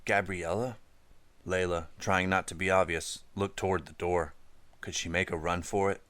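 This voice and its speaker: A man narrating an audiobook in an even, measured storytelling manner. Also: low voice, clean tone, no echo.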